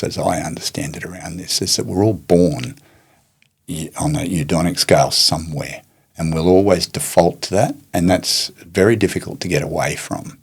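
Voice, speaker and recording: A man, a podcast guest telling stories in a reflective, unhurried way. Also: sits low, gravelly, husky. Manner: reflective, unhurried anecdotes with many restarts. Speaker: martial arts teacher and guest. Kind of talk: storytelling in a podcast interview.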